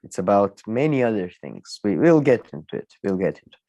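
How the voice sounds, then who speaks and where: A man co-hosting a casual podcast chat, animated and quick to laugh. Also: no room sound, highs cut off. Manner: animated, laughs often, lively pitch. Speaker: co-host.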